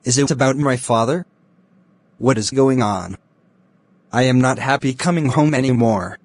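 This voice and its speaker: A man's voice: medium pitch, lightly acted. A man voicing a fed-up teenage boy who complains to his mother, with faint background noise. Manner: complaining, hurried.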